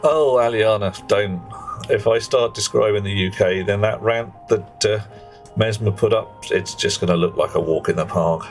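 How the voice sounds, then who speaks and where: Low-voiced British male streamer, cheeky and rambling, faint music and typing behind. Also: moderate pace. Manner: rambling, cheeky, prone to mock rants. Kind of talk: casual live-stream chat with viewers.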